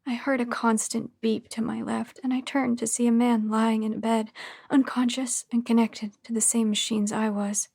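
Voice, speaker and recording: Woman narrator, first-person horror, hushed and tense, slightly high voice. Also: flat delivery, normal speed, creaky, dry recording, studio quality.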